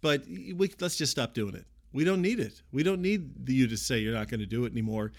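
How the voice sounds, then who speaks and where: A man's voice: medium pitch, lively intonation, brisk. A middle-aged man doing a comic monologue, ranting in an exasperated, incredulous way. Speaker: comedian.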